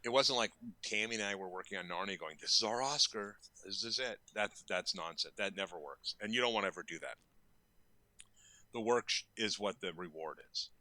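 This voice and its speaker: Man, 50s, interview guest, animated storyteller, low-ish voice, very bright tone. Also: a little fast, no room sound. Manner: animated, acts out quotes with bursts of energy. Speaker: guest, makeup effects artist.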